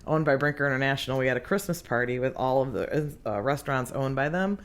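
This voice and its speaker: A woman, a lead singer, telling lively stories in casual podcast chat, often laughing and acting out what others said. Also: extremely low pitch, fast. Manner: animated, laughs often, acts out quotes. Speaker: singer guest.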